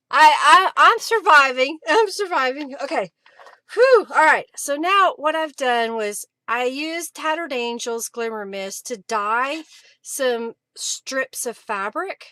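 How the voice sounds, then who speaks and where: A woman's voice: high voice, animated, slow, bright, forceful tone, dry recording. Chatty woman hosting a crafting stream. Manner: chatty, thinks aloud while working. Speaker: crafting live-stream host. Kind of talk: casual crafting demonstration.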